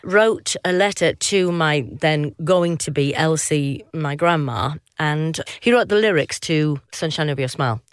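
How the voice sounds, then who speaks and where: A woman's voice: low-pitched, measured pace, hardly any pauses, smooth, no echo. A woman with a Yorkshire accent, a singer chatting as a guest in an interview, laughing and wandering into asides. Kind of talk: casual interview chat.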